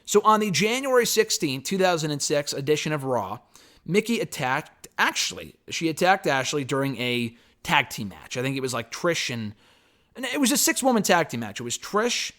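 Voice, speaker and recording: A man's voice: fairly high pitch, sing-song, normal speed, a bit bright. A man giving a loose, chatty spoken recap and review of a wrestling show. He swears casually and waves off details with "blah, blah, blah.".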